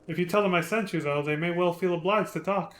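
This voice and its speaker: A man reading the lines of a wary older male resistance elder from a game, formal and measured. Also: high-pitched, natural voice. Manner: cold at first, measured and formal. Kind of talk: reading game dialogue aloud.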